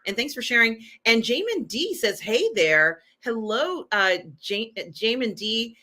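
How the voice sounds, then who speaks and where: A woman's voice: on the high side, big pitch swings, unhurried, sharp tone. A woman hosting a live stream, reading out viewer comments in an upbeat, effusive way. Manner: upbeat, effusive, many fillers. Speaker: host.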